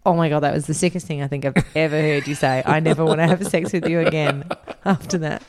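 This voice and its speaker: A woman's voice: low voice, steady tone, fast talker, a crowd in the background. A woman co-hosting a podcast in casual chat, teasing her partner and laughing often. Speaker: podcast co-host.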